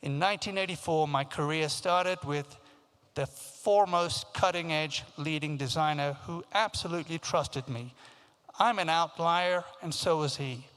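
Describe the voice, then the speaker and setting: A man's voice: a little high, unhurried, clear, resonant tone. A man in his fifties from Africa, raised in England, telling anecdotes at a forum and acting out the voices of the people in his stories. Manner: lively anecdotal storytelling, acting out quoted voices. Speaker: keynote speaker. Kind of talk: storytelling talk. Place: large conference hall. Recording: long hall reverb.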